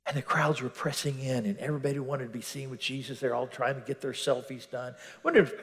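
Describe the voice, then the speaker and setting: A man preaching a sermon with animation, acting out scenes and dropping to hushed tones between louder lines. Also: medium pitch, fast. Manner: animated, acts out Bible scenes with voices, swings between loud and hushed. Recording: reverberant hall.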